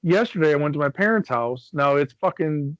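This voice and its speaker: On a lo-fi recording with no echo, a middle-aged Michigan man co-hosting a podcast spins a long, rambling story, swearing freely and acting out what people said. His voice runs on the high side, animated and a little fast.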